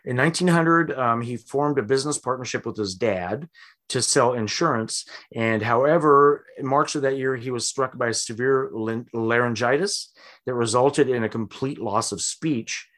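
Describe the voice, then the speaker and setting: A man hosting a casual podcast, recounting a history and acting out quoted lines with lively, exaggerated voices. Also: mid-range voice, normal speed. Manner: animated, acts out quotes with big voices. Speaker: podcast host.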